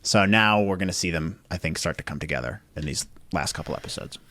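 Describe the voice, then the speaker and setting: A man's voice: low-pitched, fast, pushed and bright, no room sound. A man co-hosting a podcast, chatting casually, rambling and checking in with "right?". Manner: rambling, self-correcting, with tag questions. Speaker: podcast co-host. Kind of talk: casual chat.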